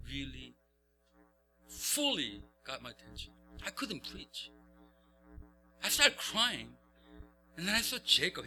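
A male pastor telling a story in a sermon, acting out the characters' voices. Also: high-pitched. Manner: animated, acts out voices.

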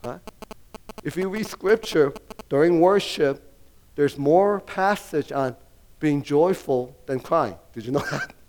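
A man's voice: fairly high pitch, slow, a little mellow, a little hiss or hum. A middle-aged male pastor preaching a sermon, rambling with many fillers and restarts and laughing often as he talks.

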